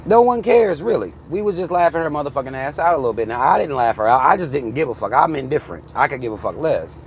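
An American vlogger in his thirties rants from inside his car, heated and blunt, swearing heavily throughout. His voice sits at a medium pitch with lively intonation and a quick pace. A little background noise is audible.

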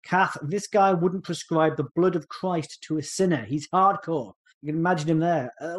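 A man co-hosting a comedy podcast, joking and sarcastic as he reads from his notes. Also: a little high. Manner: jokey, sarcastic, breaks into quick silly voices. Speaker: podcast co-host. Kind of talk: casual comedic podcast chat.

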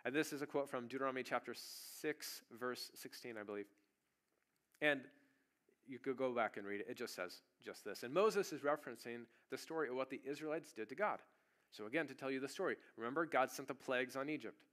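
A man preaching a sermon in a church at a medium pitch. He tells the story in a casual, chatty way and often jumps into loud, emphatic bursts. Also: fairly quick. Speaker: pastor. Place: church sanctuary.

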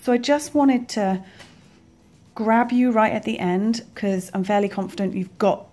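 A woman's voice: medium pitch, steady tone, a little slow, warm tone. A woman hosting a crochet tutorial, talking casually as she counts stitches aloud and keeps asking if it makes sense. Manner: chatty, counts stitches aloud, checks understanding. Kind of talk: casual instructional talk.

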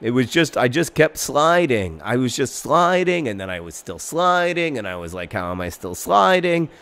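A man in his thirties hosting a casual gameplay video, rambling through asides and breaking into excited shouted commentary. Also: mid-range voice, normal speed. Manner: excitable, bursts into shouted mock-epic commentary and chants; rambling, self-deprecating asides. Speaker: gaming video host.

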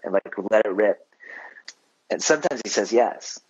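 Husky low-voiced male podcast host. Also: moderate pace, no echo, dull audio. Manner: relaxed storytelling with many fillers. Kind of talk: casual interview chat.

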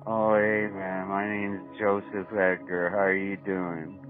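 A man's voice: deep voice, level tone, unhurried. Man taunting a scammer over the phone. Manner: mocking, profane, taunting. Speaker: prank caller baiting scammers. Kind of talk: prank phone call. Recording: tinny phone line, faint music.

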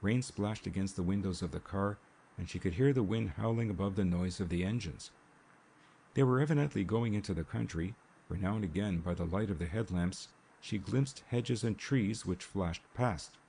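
A man narrating a mystery novel in a measured, steady audiobook reading. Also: sits low, creaky, slight background noise. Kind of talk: scripted narration. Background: rain sounds.

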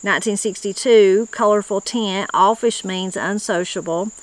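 Appalachian lady chatting thru old mountain words, easygoing and folksy, middle pitch. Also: normal speed, dry recording, low-quality recording. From Appalachia, western North Carolina. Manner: folksy, conversational, reads dictionary entries aloud. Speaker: host explaining regional words. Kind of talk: casual explanatory talk.

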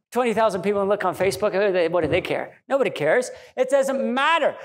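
A man pastor delivering a sermon in a church, animated and joking, acting out quotes. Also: sits high. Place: church sanctuary.

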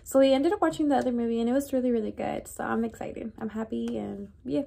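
A young woman chats to her vlog camera in a bright, upbeat way. Her voice sits a little high and slides often into vocal fry. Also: steady tone, fast, slight background noise. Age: young adult. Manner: upbeat and chatty. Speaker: vlogger.

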